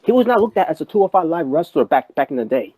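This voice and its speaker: Male podcast co-host, mellow voice, rambling delivery full of fillers, dry close sound. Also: a little high, very animated, fast talker, no echo, rough recording. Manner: rambling, many restarts and fillers. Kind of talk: casual wrestling talk.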